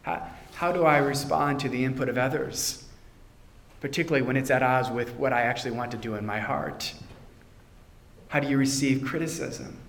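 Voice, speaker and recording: A man preaching a sermon with earnest emphasis, often dropping to a quiet, intense tone on key points. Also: mid-range voice, steady tone, normal speed. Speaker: pastor. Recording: roomy church echo.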